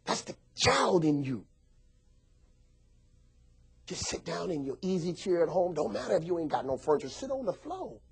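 A male pastor preaching a sermon, joking with the congregation and swinging from soft asides to shouts. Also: on the high side, sing-song, moderate pace, creaky, pauses often, husky.

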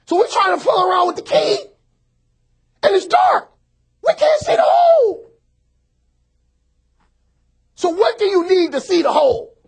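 A male pastor preaching a sermon, talking animatedly to his congregation and often bursting into shouts. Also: sits high, vocal fry, slightly rough.

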